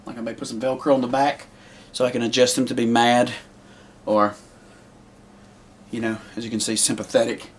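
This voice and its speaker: A man walking through his handmade puppet collection in a loose, unscripted way, with lots of pauses and restarts. His voice sits at an ordinary middle pitch. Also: little pitch movement, a little hiss or hum. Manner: rambling, with many ums and restarts. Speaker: puppet maker. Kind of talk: casual show-and-tell.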